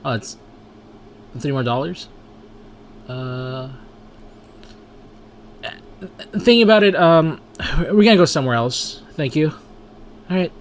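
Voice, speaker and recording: A performer voicing a goofy male furry video game character, delivering voice lines in a wildly over-the-top way that swings from shouts to mumbles. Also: mid-range voice, animated, unhurried, pauses often, a little hiss or hum, lightly acted. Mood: awkward.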